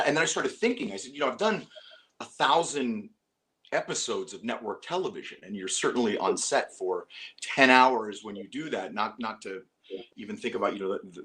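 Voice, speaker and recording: A middle-aged man, an actor, talking casually in an interview, animated and full of restarts. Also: mid-range voice. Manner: animated storytelling with frequent restarts. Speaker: actor guest.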